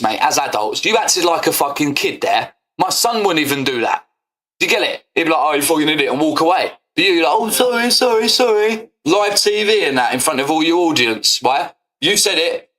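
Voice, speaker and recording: Here a man with a fairly high, bright, forceful voice vents at the camera on his football fan channel. The rant is confrontational and laced with swearing, punctuated by a recurring "yeah?"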